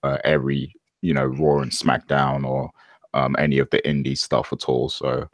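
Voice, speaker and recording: A man's voice: extremely low pitch, little pitch movement, normal speed, no room sound, clean studio sound. A man appearing as a podcast guest, speaking hesitantly with many fillers. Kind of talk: casual podcast chat.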